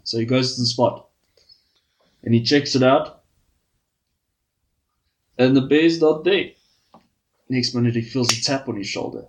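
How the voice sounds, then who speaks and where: A man's voice: mid-range voice, measured pace, pauses often, poor audio. A man on a podcast telling a long crude joke, swearing freely and padding it with fillers. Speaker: podcast host.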